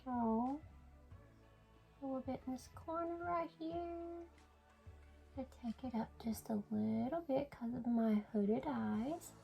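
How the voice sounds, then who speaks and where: Sleepy chatty woman with a gravelly voice. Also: a little high, slow, pauses often, highs cut off, soft background music. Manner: chatty, yawning, apologetic, laughs often. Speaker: beauty vlogger. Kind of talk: casual makeup tutorial chat.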